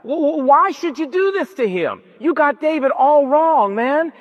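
A man acting out a young prince pleading with his father, stammering, his voice lifted high. The recording is dull and lo-fi with long hall reverb. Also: expressive, measured pace.

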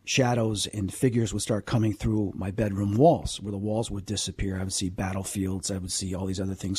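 A man who is a guest, telling animated anecdotes with frequent asides in a conversation. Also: on the low side, husky. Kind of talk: storytelling in a conversation.

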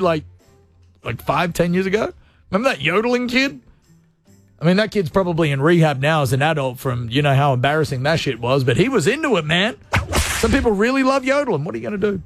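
A man hosts a casual radio show with loose, cheeky banter. His voice sits notably high. Faint music runs underneath. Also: lively intonation, a little fast. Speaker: radio host.

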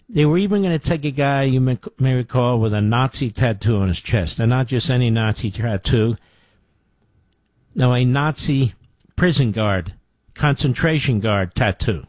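A man's voice: mid-range voice, animated, unhurried, long pauses, a little mellow, dry recording. A man in his sixties delivers a political talk radio monologue, mocking and sarcastic, tossing asides to his producer. His voice sits in an ordinary middle register. It is recorded close and dry, with no room sound. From Philadelphia area, US. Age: 60s.

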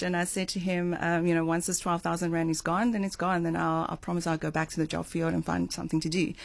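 A woman's voice: lowish voice, no echo. A woman, a business owner, telling her story as a guest in a radio studio. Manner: earnest storytelling with light laughs. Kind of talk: radio interview.

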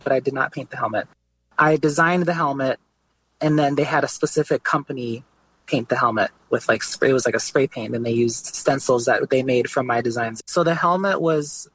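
A man being interviewed as an artist, telling his story in a relaxed, casual way with many filler words. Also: medium pitch, breathy edge, dry recording, low-quality recording. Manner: relaxed, lots of "like" and "you know" fillers.

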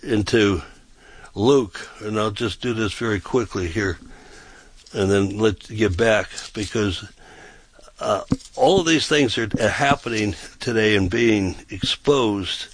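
A man's voice: lowish voice, slow, no echo. A man, a pastor, teaching from the Bible in a rambling, repetitive way, often checking in with "okay?".

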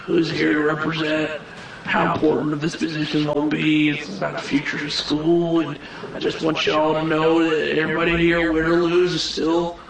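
A man playing a folksy high school principal who rambles and contradicts himself. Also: completely flat delivery, normal speed, creaky, heavy reverb, far from the mic, a crowd in the background, low-quality recording. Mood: rallying. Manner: contradicts himself, pep-talk drawl.

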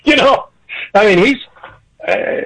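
A man discussing politics on a radio talk show, animated, chuckling, with frequent restarts. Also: high-pitched, takes it slowly, a little hiss or hum, rough recording. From Irish heritage. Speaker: political commentator.

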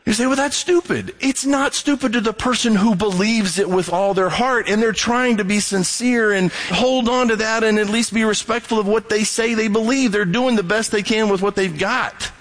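A man's voice: normal speed, hardly any pauses, fairly bright tone. A middle-aged male pastor preaching a sermon in a conversational way, breaking into other voices when he quotes people. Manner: conversational, acts out quoted voices in a raised pitch.

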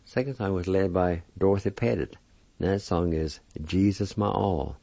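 A man teaching a language lesson on a dull lo-fi recording, sounding out each syllable slowly and deliberately. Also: low voice, gravelly, dark tone, no echo. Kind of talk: spelling and pronunciation lesson.

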